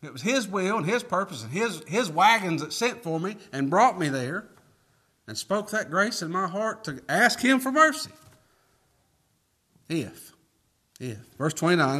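A man's voice: high-pitched, big pitch swings, unhurried, long pauses, bright, forceful tone, husky. A man preaching a sermon, reading scripture aloud and asking folksy rhetorical questions with emphatic rises.

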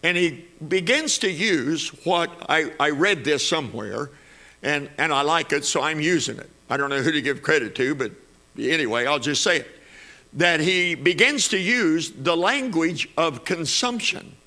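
A man's voice: a little high, lively intonation, normal speed, sharp tone. A man preaching a sermon, building to emphatic peaks and repeating phrases as he goes.

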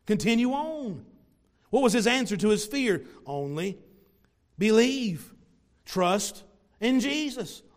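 A man preaching a sermon to his congregation, animated, acting out little voices of the people in the story. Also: high-pitched, takes it slowly, pauses often. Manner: animated, plays out voices of mockers and parents. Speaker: pastor.

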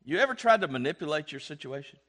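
A preacher delivers an emphatic sermon in a high, bright, forceful voice. He swings between loud exhortation and low, quiet asides. He draws amens from his listeners. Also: very animated, fast talker. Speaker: pastor.

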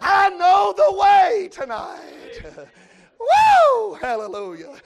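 High-voiced man shouting a sermon. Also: wildly swooping pitch, slow, vocal fry. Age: middle-aged. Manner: impassioned shouting preaching with cries of praise. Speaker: preacher. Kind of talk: revival sermon.

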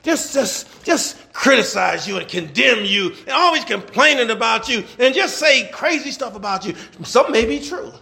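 A middle-aged preacher man with a very high, gravelly voice. He talks in a folksy, animated way, firing rhetorical questions at the congregation. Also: moderate pace, hardly any pauses. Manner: folksy dialect, laughs between points. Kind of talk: sermon.

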